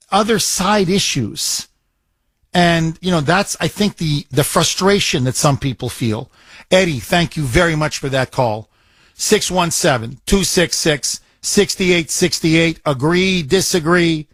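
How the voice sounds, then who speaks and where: A man hosting a call-in talk radio show from the studio, his voice sitting a little high. He talks emphatically, hammering points with repeated lines and rhetorical questions. The sound is close and dry. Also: takes it slowly, a bit bright, no room sound. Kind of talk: talk radio, taking calls.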